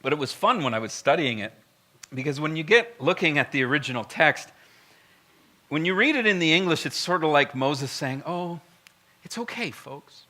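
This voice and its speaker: Male pastor, sermon, high voice, conversational and blunt, emphatic asides to the congregation. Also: expressive, brisk, pushed and bright.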